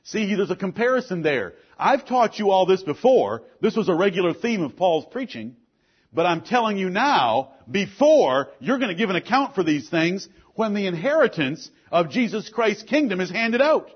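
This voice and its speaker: A man preaching a sermon with force, asking pointed questions and swinging between loud and low lines. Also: big pitch swings, normal speed, husky, lo-fi sound. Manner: forceful preaching, rises and drops sharply, rhetorical questions. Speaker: pastor.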